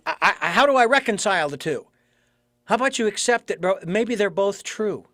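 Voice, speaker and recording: This is a man hosting a conversational interview. His voice sits high and moves a lot, and he keeps posing questions and stumbling through fillers as he works out a point. The sound is dry and close, with no room around it. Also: fairly quick, gravelly, no echo. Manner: animated, full of rhetorical questions and filler hesitations. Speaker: podcast host.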